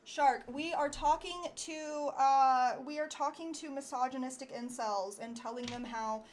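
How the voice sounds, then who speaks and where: A woman livestreaming political commentary, reading chat aloud in a sarcastic, animated way and swearing freely. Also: high voice, unhurried.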